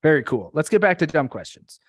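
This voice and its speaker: A man's voice: on the high side, very animated, brisk, no echo. A man hosting a podcast, chatting in a rambling way and laughing easily. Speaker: podcast host. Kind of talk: casual podcast chat.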